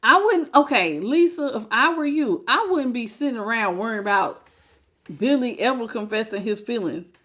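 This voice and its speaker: A woman's voice: fairly high pitch, animated, moderate pace, a bit bright. A woman hosting a live tarot reading. She talks frankly and folksily, greets viewers by name and calls them baby. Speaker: tarot reader.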